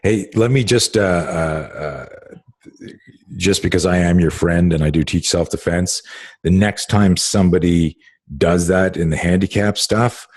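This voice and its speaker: Deep husky man telling stories. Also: measured pace, a little mellow, no echo. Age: middle-aged. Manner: rambling storyteller with many fillers and swearing. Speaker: podcast host. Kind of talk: casual conversation.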